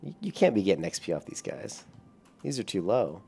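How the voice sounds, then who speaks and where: A man's voice: lowish voice, very animated, fairly quick, gravelly, mellow, slightly rough. A young adult man streaming a game, chatting casually with viewers, rambling and swearing lightly between chuckles. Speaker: gaming streamer. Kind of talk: casual gameplay chat with viewers.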